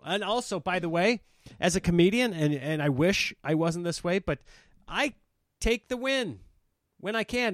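A man's voice: on the high side, dry recording, studio quality. A man hosting his own comedy podcast, talking casually and self-deprecatingly, swinging into mock voices as he rants. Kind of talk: casual solo podcast rant.

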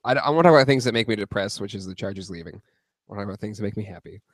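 A man's voice: on the low side, very fast, no echo. Hesitant, earnest man on a dry mic. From San Diego. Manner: earnest, hesitant, many likes and ums. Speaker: podcast co-host. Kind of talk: casual sports chat.

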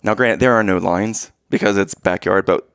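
A man telling a story in casual chat, animated, and often checking in with "okay?" and "right?". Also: fairly low pitch, moderate pace, clean tone, dry recording, studio quality. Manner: acts out quoted lines in raised voice.

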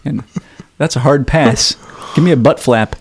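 A man's voice: mid-range voice, moderate pace, breathy edge. A man co-hosting a casual podcast, joking and sarcastic, swearing and laughing often. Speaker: podcast co-host. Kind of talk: casual podcast chat about a horror film.

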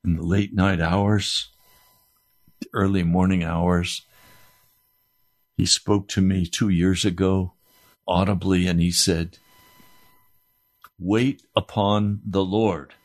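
A man's voice: low-pitched, flat delivery, slow, long pauses. A man preaching a sermon, earnest and emphatic, building his points through repeated phrases.

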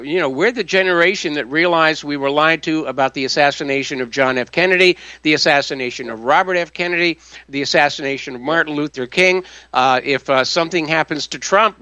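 Male radio host, halting with fillers, bright dry voice, slightly dull audio. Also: fairly high pitch, no room sound. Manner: halting, many uh fillers, firm opinions. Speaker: radio talk show host. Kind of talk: call-in talk radio.

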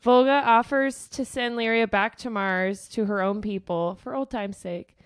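A woman co-hosting a podcast, recapping book chapters in casual chat, animated and swearing freely as she acts out characters' lines. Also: a little high, measured pace, smooth, no room sound, studio quality. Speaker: podcast co-host.

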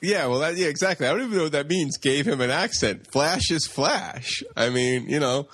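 A man's voice: on the high side, normal speed, a bit bright, no room sound, studio quality. A man co-hosting a casual podcast, goofy and joking as he reads a listener review. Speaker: podcast co-host.

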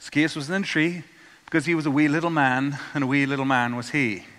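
Bright-voiced pastor preaching in a reverberant hall. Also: male voice, a little high, level tone, quick pace, slight background noise. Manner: storytelling, acts out quoted voices, asks congregation to repeat words. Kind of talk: sermon.

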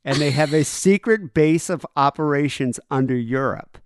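A man co-hosting a podcast, spinning a long anecdote in a smooth, resonant voice. He acts out both sides of the exchange as he goes. The sound is dry and close, with no room around it. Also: fairly high pitch, normal speed, no room sound. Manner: animated retelling, acts out both sides of a conversation. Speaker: podcast co-host. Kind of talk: casual storytelling chat.

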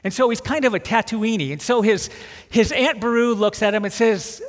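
A man's voice: high-pitched, normal speed. A man preaching a sermon in a conversational, self-deprecating way with dry jokes. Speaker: pastor. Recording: long hall reverb.

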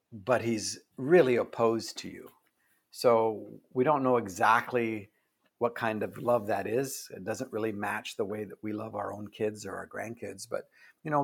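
An older man talks as an author in an interview, in a low voice with a gravelly, husky grain. He tells his stories earnestly, stopping and restarting, and often lets his voice sink quiet and soft. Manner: earnest, halting storytelling, often dropping soft. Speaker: author guest. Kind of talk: reflective interview talk.

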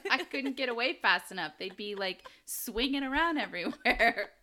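Giggly bright-voiced woman podcaster. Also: fairly high pitch, animated, normal speed. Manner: giggly, rambling, frequent laughter. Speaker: podcast co-host. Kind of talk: casual true-crime chat.

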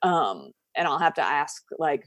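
A woman's voice: lowish voice, animated, moderate pace, noisy background. A woman from the southern United States with a Southern accent, a podcast guest talking casually and candidly, laughing often and trailing off into fillers.

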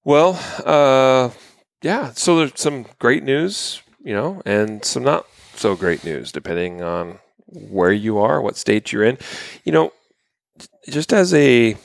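A man's voice: mid-range voice, slow pace, gravelly, dry recording, clean studio sound. A man co-hosting a podcast, chatting casually through the news with plenty of fillers. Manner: relaxed, many fillers. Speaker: podcast co-host.

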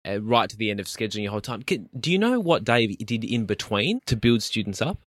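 A man's voice: on the low side, sing-song, fairly quick, no echo, clean studio sound. A man hosting an interview and asking a guest careful questions about teaching. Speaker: podcast host, teacher.

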